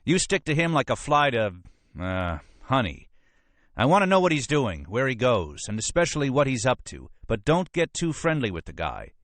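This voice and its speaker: A man voicing a blustering, suspicious police captain who talks in a gruff, pushy way, in a storybook reading. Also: mid-range voice, sing-song, moderate pace, a bit bright, no room sound, voice pushed up. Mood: bossy. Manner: gruff, pushy, rhetorical questions.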